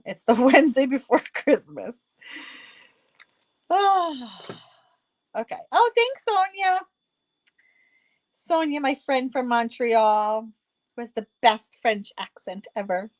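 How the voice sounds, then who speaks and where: A middle-aged woman talks through a crafting tutorial in a chatty, self-deprecating way. Her voice sits a little high, and it is recorded close and dry. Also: expressive, slow, pauses often, no room sound. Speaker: card-making tutorial host.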